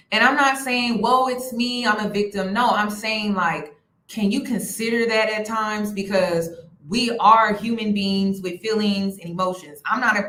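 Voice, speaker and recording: A woman hosts a casual livestream commentary, speaking to her viewers in an animated, expressive way with a blunt streak. Her pitch sits in the middle, and the room gives her voice a noticeable echo. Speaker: host of a commentary channel. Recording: roomy echo.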